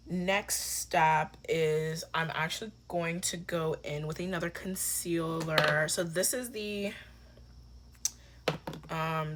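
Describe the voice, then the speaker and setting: A young woman chatting casually through a makeup tutorial, joking with her viewers and dropping into soft whispers now and then. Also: low voice, background noise. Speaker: beauty vlogger.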